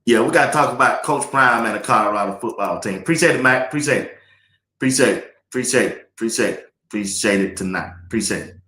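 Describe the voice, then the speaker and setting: A fast-talking man with a mid-range, bright voice and forceful tone hosts a live sports talk stream. Recorded in an echoey room, he laughs a lot and chats loosely while reading comments from viewers.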